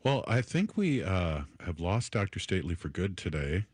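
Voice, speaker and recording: Guy with a really deep voice hosting radio chat, kinda rambly, lots of uhs, dry close sound. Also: very animated, a little mellow, slightly rough, no echo. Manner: rambling, halting with many fillers. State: voice still off after an illness. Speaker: radio show host.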